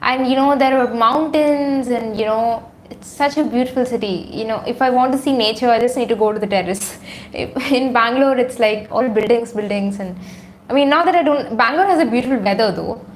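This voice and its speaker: Sitting in her bedroom with a tripod-mounted phone or camera, a YouTuber from India runs a casual livestream, briskly chatting and reading out viewers' comments, full of fillers. Her voice is a little higher, and slight noise can be heard in the background.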